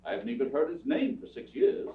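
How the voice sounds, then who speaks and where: A man's voice: a little high, wildly swooping pitch, fast talker. A man playing a wry, wisecracking detective husband in a radio play. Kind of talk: community radio theatre acting. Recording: echoey hall, far from mic, phone-like.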